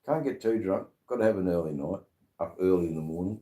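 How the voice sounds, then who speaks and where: A drunk man hosts a live stream in a very deep, dark voice. He rambles and slurs, filling the gaps with ums and uhs. He sounds mellow and loose as he chats with his viewers. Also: quick pace. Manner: rambling, slurred, with lots of fillers. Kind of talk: casual live-stream chat. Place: sitting at a bar.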